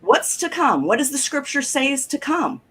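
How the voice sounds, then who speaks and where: A middle-aged woman, telling animated stories on a talk show and acting out the people she quotes. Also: high voice, normal speed. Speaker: guest caller. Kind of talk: casual storytelling on a talk show.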